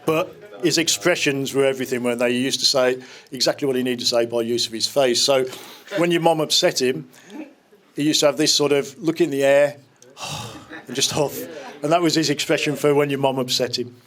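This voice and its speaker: A man's voice: mid-range voice, fairly quick. Man in his fifties giving a fond wedding speech. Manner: fond, joking storytelling with small restarts. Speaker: wedding speaker standing in for the bride's father. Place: wedding reception hall.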